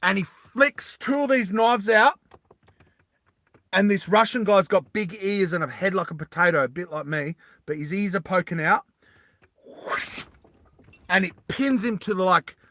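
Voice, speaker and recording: A man's voice: high voice, normal speed, no room sound. A man animatedly telling a movie story to friends, often asking "right?". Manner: animated, laughing, repeats "right?". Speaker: storyteller pitching a movie plot.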